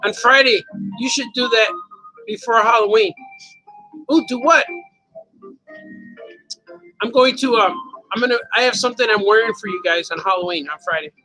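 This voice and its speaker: A man's voice: sits high, normal speed, pauses often, sharp tone, soft background music, low-quality recording. A man hosting a live show, chatting casually and rambling from joke to joke, laughing often as he reads viewer comments. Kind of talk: casual live-stream chat.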